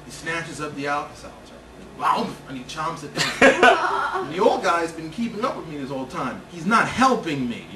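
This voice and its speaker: A male stand-up comedian telling a long story in an animated way. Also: on the high side, a little fast, crowd noise. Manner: animated, building excitement. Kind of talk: comic storytelling. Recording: roomy stage sound, distant mic, noisy.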